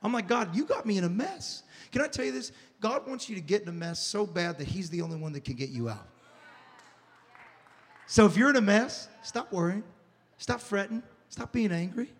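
Preaching at normal speed, a man in his thirties with a high, animated voice veers between hushed confessional moments and loud shouts. The story pulls him forward so that he stumbles, repeats words, and often starts lines over. Every phrase is trailed by the long reverb of the church hall.

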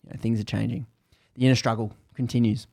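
A man's voice: medium pitch, flat delivery, fast talker, gravelly, warm tone. A man casually retelling a story to a co-host, chatty and full of fillers.

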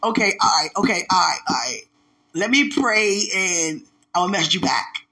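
A woman's voice: mid-range voice, animated, moderate pace, bright, forceful tone. A woman giving a casual spoken testimony as a church member, telling stories animatedly and turning to the listener with preachy asides.

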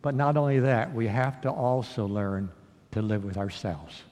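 A man's voice: mid-range voice, normal speed, darkish tone, in a large hall. A man preaching a sermon as pastor, telling a story and asking the congregation questions. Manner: storytelling with acted quotes, asks the congregation questions. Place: church sanctuary.

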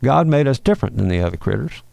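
A man voicing a solitary, thoughtful male owl in a storybook read-aloud, calm and resolute. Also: medium pitch, fast talker, vocal fry, dry recording.

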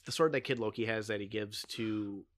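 A man's voice: fairly low pitch, a little fast, a bit bright, no room sound, clean studio sound. A man co-hosting a podcast, chatting casually and sharing trivia and opinions. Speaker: podcast co-host. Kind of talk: casual chat.

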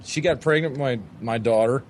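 A man chatting casually about his marriage, laid-back and halting with fillers. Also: medium pitch, slight background noise. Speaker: podcast co-host. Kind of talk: casual chat.

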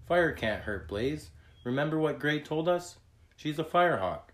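A man's voice: fairly high pitch, expressive, measured pace, pitched above the performer's own voice. A man doing a small, brave young bird. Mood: earnest.

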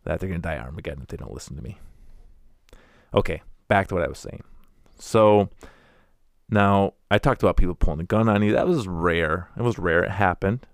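Deep gravelly-voiced man telling stories. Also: dry recording, clean studio sound. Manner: wry, candid, acts out quoted people. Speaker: former door-to-door preacher telling his story. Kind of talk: casual storytelling monologue.

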